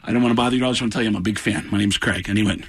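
A man, a comedian on a radio show in the studio, telling animated stories and acting out the people in them. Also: fairly low pitch, rapid-fire, very noisy. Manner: excitable, acts out voices in the story. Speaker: comedian guest.

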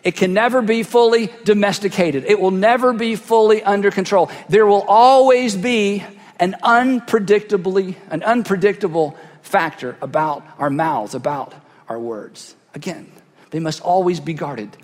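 A pastor delivering a sermon through a cheek-worn headset mic, swinging from loud bursts to hushed asides as he acts out voices. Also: high voice, animated, moderate pace, in a large hall. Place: large church hall.

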